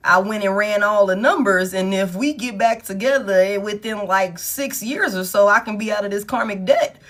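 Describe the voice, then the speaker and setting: A woman's voice: mid-range voice, a bit bright, lightly acted. A woman voicing an ex-lover who makes a rehearsed, earnest apology and tries to win someone back. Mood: earnest persuading. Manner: earnest, deliberate, persuasive. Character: smooth-talking ex-lover making a rehearsed apology.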